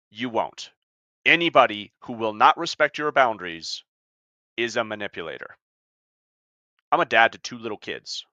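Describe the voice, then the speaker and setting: A man's voice: medium pitch, sharp tone, dry recording, lo-fi sound. A man co-hosting a podcast as a life coach, talking in a blunt, emphatic way and swearing freely. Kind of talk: casual podcast talk.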